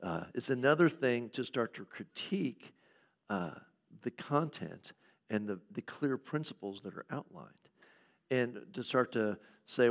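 A man preaching a sermon in a conversational way, with fillers and short laughs, sometimes acting out skeptical questions in a higher voice. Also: expressive, measured pace, vocal fry. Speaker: pastor.

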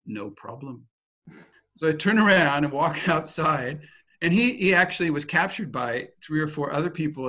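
A man gives a teaching talk in an animated, storytelling manner, swearing casually as he goes. His voice sits a little above the usual male pitch. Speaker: teacher of personal transformation. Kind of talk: teaching talk with personal anecdote.

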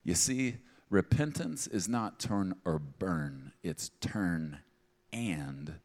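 Deep-voiced man preaching in a reverberant hall. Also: lively intonation, drawn-out words, darkish tone. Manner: conversational and emphatic, with playful asides. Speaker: pastor. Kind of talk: sermon. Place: large church auditorium.

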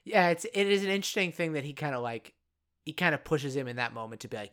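A man's voice: fairly high pitch, fast talker. A man in casual conversation about a film, often agreeing with his co-host and recounting favorite scenes. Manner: agreeable, frequent backchannel "yeah", relaxed storytelling. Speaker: podcast co-host.

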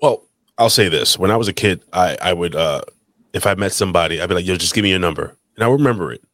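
Deep-voiced man, casual and profane. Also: animated, quick pace, a bit bright, dry recording, studio quality. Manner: profane, rambling. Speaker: podcast co-host. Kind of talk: casual chat.

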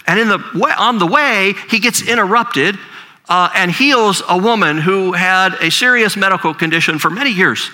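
A man's voice: sits high, normal speed, pushed and bright. An older man, a grandfather, preaching a sermon in a conversational storytelling way, often repeating words as he talks. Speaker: pastor.

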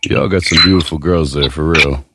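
Very deep, laid-back man. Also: steady tone, brisk, very noisy. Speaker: podcast host. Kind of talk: casual chat.

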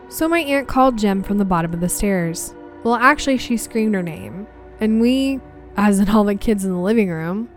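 A young woman narrating a personal ghost story from her family in an earnest, steady way. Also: medium pitch.

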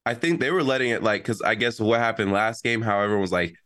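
Young male athlete, relaxed storyteller, voices the quotes, dry room. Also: on the low side, fast talker, no room sound. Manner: animated storytelling, acts out quotes. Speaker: college football player. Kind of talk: casual chat.

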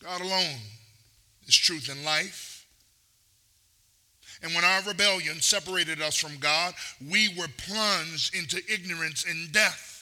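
A man's voice: a little high, a little slow, pushed and bright. A man preaching a sermon, mixing playful asides and acted-out quotes with rising, intense delivery. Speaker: pastor.

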